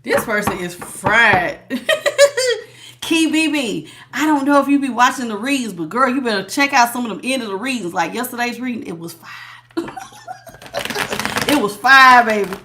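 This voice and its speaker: A middle-aged woman giving a casual tarot reading to her viewers, animated and laughing, calling them honey and baby. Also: on the high side, moderate pace, pauses often, noisy background. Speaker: tarot reader.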